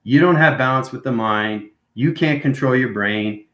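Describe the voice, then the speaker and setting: A man's voice: mid-range voice, normal speed, fairly bright tone, roomy sound, lo-fi sound. A man hosting a casual spiritual monologue, rambling and checking in with "right?" and "you know what I mean" after nearly every point. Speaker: spiritual video host.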